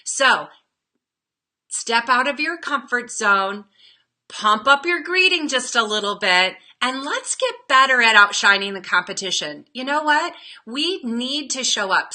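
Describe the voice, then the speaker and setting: A woman hosting a live-streamed front desk training talk, upbeat and chatty. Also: fairly high pitch. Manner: upbeat and chatty, with lively role-play asides.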